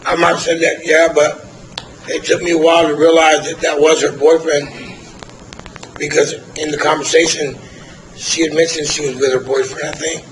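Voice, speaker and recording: A man's voice: fairly high pitch, flat delivery, moderate pace, a little hiss or hum, poor audio. A man testifying as a witness in court, answering politely and hesitantly with fillers. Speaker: trial witness.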